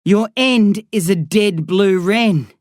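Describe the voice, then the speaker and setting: Woman doing a quiet teen boy, slow and calm, totally solemn, dry close sound. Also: mid-range voice, no echo, lightly acted. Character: solemn teenage boy speaking for the first time.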